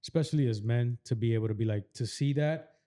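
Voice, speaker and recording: A man hosting a casual podcast interview. His voice is mellow and relaxed at a middle pitch, and he agrees readily and muses on the topics he raises. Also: quick pace. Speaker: podcast host.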